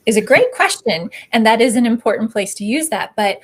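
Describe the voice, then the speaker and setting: A woman's voice: on the high side, animated, a little fast, husky. A woman, a communication coach, answering a live online question in a thoughtful, explanatory way, sometimes correcting herself.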